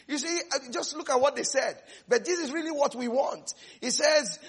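A middle-aged man preaching a sermon in an animated way, often repeating words and laughing between phrases. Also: very high voice, moderate pace, slightly rough.

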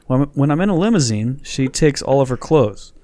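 A man's voice: medium pitch, expressive, normal speed, mellow. A man hosting a casual comedy podcast, crude and joking, often laughing. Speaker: podcast host.

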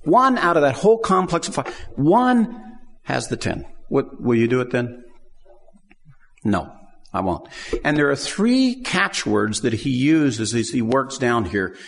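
Man preaching, conversational, gravelly, lively intonation, echoing hall. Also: medium pitch, unhurried. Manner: conversational, acts out the scenes. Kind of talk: sermon.

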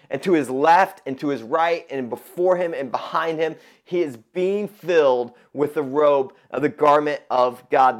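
A man preaching a sermon to his congregation, emphatic and repeating words for stress. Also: fairly high pitch. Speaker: pastor.

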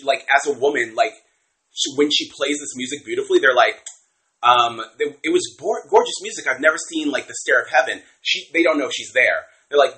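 A man co-hosting a casual podcast, critiquing a book in an animated way, swearing freely and acting out quotes. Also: mid-range voice, a little fast, low-quality recording. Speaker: podcast co-host.

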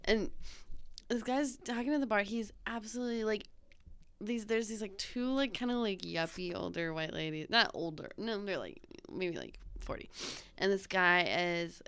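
Woman, mid-pitched voice, podcast host, chatty, giggles, joking asides. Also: animated, moderate pace, fairly bright tone, smooth. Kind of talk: casual chat.

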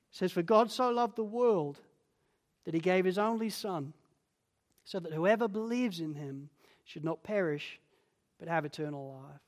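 A man preaching a sermon as a pastor, earnest and pleading, sinking to a hush on key lines. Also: high-pitched. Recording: long church reverb.

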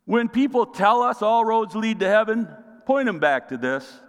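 A man's voice: high voice, big pitch swings, normal speed, clear, resonant tone. A man preaching a sermon as pastor, asking the congregation questions and calling for responses. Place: church sanctuary. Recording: long reverb of a large hall.

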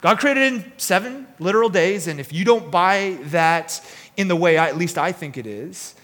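Brief: insistent Texan churchgoer, a preacher doing the accent, emphatic, higher-pitched delivery. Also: male voice, lively intonation, normal speed, fairly bright tone, long reverb tail. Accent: Texan, attempted.

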